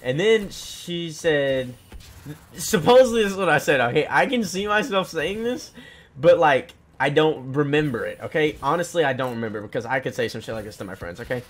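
A teenage boy telling an angry story to camera in a casual, profane rant, swinging from loud outbursts to low mutters. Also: lively intonation, fairly quick. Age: teens. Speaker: vlogger.

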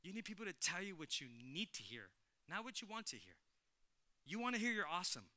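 Animated high-voiced male pastor preaching. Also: a little fast, no echo. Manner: animated, repeats phrases, talks to the congregation. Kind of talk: lively sermon. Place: church sanctuary.

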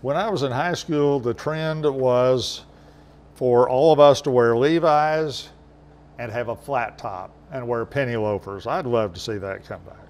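An older man from New Mexico, a university president, answering interview questions at home in a gentle, unhurried, folksy way. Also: medium pitch. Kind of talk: casual interview. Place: home, indoors.

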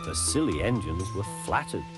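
A man narrating a children's cartoon in a gentle, expressive storybook style. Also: sits low, normal speed. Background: music.

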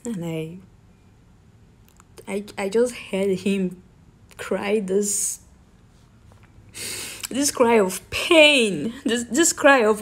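A woman speaks slowly in a mid-range voice. She stops and starts and often repeats her words. Her tone moves between pleading and accusing. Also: medium pitch. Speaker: grieving daughter telling her story. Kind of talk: emotional personal account.

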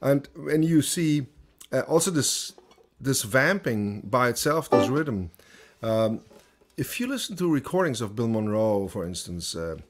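A man teaching a banjo masterclass, talking slowly through ideas with lots of fillers and restarts. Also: medium pitch, very animated, darkish tone, faint music behind. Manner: thinking aloud, many fillers and restarts. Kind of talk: online masterclass lesson.

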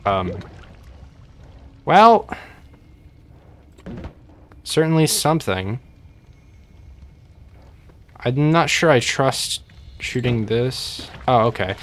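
Speaking extremely slowly with long pauses, a young man comments casually on his own gameplay. His medium voice has a sing-song quality, and his let's-play chatter rambles and jokes before erupting in sudden panic.

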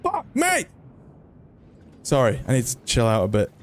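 A man's voice: on the low side, quick pace, a little hiss or hum. A man giving casual gameplay commentary, chatty and self-mocking, swearing when frustrated. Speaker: gaming video creator.

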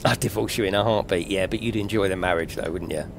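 A man's voice: sits low, quick pace, background noise. A British man live-streaming a game, chatting with his audience in a jokey, swearing, laughing way. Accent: British English. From England. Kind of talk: casual live-stream chat while playing.

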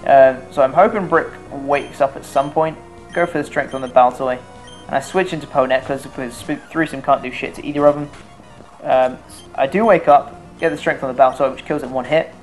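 A man's voice: medium pitch, steady tone, brisk, soft background music. A young man giving casual, self-mocking commentary over his own video game run, swearing freely. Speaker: let's play commentator.

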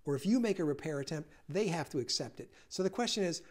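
A man speaking as an educational host, explaining ideas in a conversational way and reading example phrases gently. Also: on the high side, expressive, fast. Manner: conversational, with fillers and restarts. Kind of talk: explanatory lecture.

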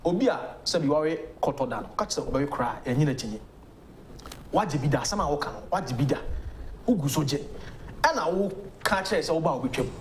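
A man's voice: on the high side, lively intonation, a little fast, slight background noise. A man with a Ghanaian accent, a lawyer arguing his points emphatically as a guest on a political talk show. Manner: emphatic, argumentative. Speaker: legal practitioner guest.

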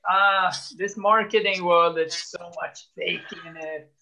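A man's voice: high-pitched, steady tone, slow pace, sharp tone. A man joining a casual video-call chat, joking and teasing.

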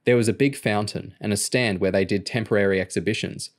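A man narrating an audiobook in a steady, even storytelling manner. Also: fairly low pitch, fast talker. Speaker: audiobook reader.

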